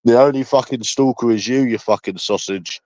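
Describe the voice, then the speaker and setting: A man's voice: mid-range voice, fairly quick, darkish tone, no room sound. A man with a London accent in rambling, casual livestream chat, crude and full of swearing.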